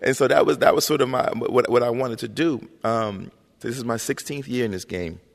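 A man in his thirties, an author being interviewed before an audience, telling stories in an animated, slangy way and often tagging lines with "right?". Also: medium pitch, fairly quick, gravelly. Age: 30s. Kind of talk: conversational storytelling on stage. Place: hall with a live audience. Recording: long reverb in a large hall.

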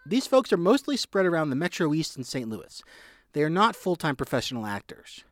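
Lively-voiced male radio reporter. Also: a little high, fairly quick, a little hiss or hum. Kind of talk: scripted news feature narration.

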